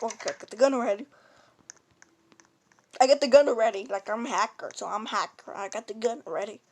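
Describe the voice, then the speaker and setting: A woman giving playful, excitable commentary while playing a video game, taunting and laughing as she goes. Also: on the high side, quick pace. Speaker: gamer.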